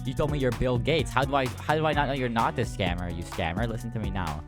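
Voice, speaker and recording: A mid-pitched male host narrates his online video and turns brash and confrontational when he is on a call. Faint background music runs beneath his voice. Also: fast. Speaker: scambaiter host.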